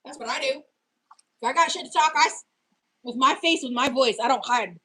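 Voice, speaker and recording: A woman's voice: sits high, a little fast, sharp tone, breathy edge, no room sound. A woman chatting casually on a livestream, defensive and dismissive toward critics. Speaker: livestreamer in played clips.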